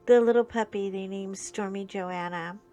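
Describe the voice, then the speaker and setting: A woman's voice: mid-range voice, normal speed. Chatty rambling woman over faint music. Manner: rambling, animated, with many fillers and restarts. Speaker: crafting channel host. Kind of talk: casual storytelling chat while crafting.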